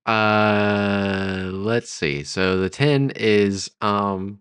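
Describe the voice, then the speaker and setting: A man co-hosting a storytelling podcast, pitching ideas in casual chat, hesitant with many fillers. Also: very slow, a bit bright, clear, resonant tone, no room sound, clean studio sound. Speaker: podcast co-host.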